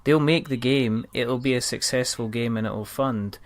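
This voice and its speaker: A man's voice: mid-range voice, normal speed. A man hosting a casual podcast interview, teasing his guests and laughing often. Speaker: podcast host.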